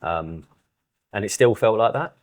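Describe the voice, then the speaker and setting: A man, chatting casually on a podcast and acting out stories with lively retellings. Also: fairly low pitch, unhurried. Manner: animated storyteller who acts out quoted exchanges. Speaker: podcast host. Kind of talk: casual chat.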